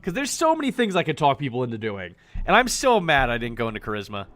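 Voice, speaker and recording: Animated, bright-voiced male streamer. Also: medium pitch, fast talker. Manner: animated, swears at bad rolls. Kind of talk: reading game text and reacting live.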